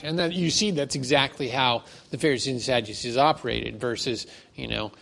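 A man's voice: mid-range voice, brisk, vocal fry, a bit bright. A man joining a Bible study discussion, agreeing enthusiastically and expanding on the point.

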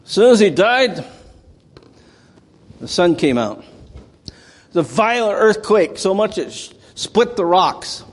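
A man's voice: high-pitched, animated, slow, long pauses, husky, long reverb tail. A male preacher giving a sermon, telling stories conversationally and rising into dramatic outbursts. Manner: conversational storytelling with dramatic bursts.

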